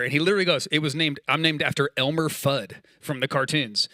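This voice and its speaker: A man in his thirties gives a relaxed, conversational sermon with a bright, forceful tone. He tells stories and slips into quoted dialogue. The sound is dry and close. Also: fairly high pitch, a little fast, no echo. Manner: casual, storytelling, acts out quoted dialogue. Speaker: pastor. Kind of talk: sermon with personal story.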